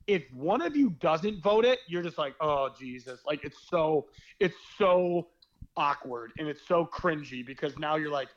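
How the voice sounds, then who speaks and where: A young man, a former reality game contestant, telling stories in a rambling, animated casual chat. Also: on the high side, a little slow, highs cut off. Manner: rambling, animated storytelling with fillers.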